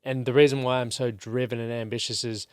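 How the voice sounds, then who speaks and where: A man in his thirties at a mid pitch, speaking as a podcast guest. His talk is earnest and open, loosely strung together with casual fillers. The sound is close and dry, with no reverb. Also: little pitch movement, a little fast, smooth.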